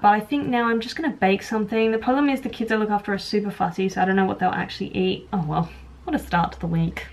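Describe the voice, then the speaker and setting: A young woman talking frankly to camera at home, rambling and self-mocking as she gives tips. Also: medium pitch. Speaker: vlogger and childminder. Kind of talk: candid talk to camera. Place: home, moving between rooms.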